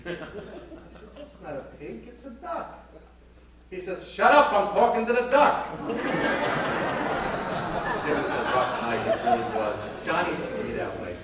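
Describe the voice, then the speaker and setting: Man as a racy aging stage dame, higher voice, lively, punchline delivery, echoing hall, noisy. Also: a little slow, pauses often, a loud crowd. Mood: sly. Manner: punchline-driven, teasing the audience. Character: bawdy aging woman telling racy stories. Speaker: vaudeville comedian. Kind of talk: live stage comedy monologue in character. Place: small theater stage. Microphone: far camera in the house. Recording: echoey hall from far off, noisy. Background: audience laughter.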